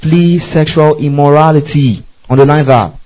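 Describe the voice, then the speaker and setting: A man's voice: fairly high pitch, normal speed, darkish tone, poor audio. A man preaching a Bible-teaching sermon, spelling out Greek words letter by letter and often asking the listeners whether they follow.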